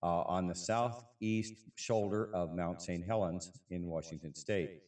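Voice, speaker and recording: A man co-hosting a casual podcast, reading a list and chat comments in a relaxed, halting way. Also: sits low, recorded from a distance. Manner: relaxed, halting, frequent restarts and laughs. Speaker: podcast co-host.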